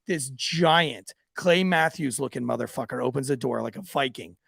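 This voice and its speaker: A man, a former police officer, co-hosting a podcast and telling profane, animated stories in casual chat. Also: medium pitch, moderate pace, gravelly, slightly rough, no room sound, studio quality.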